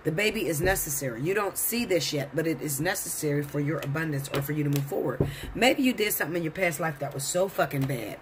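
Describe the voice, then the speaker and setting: A man's voice: fairly high pitch, fast talker, background noise. A man giving a casual tarot reading to his viewers, blunt and profane, lecturing them. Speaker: tarot reader.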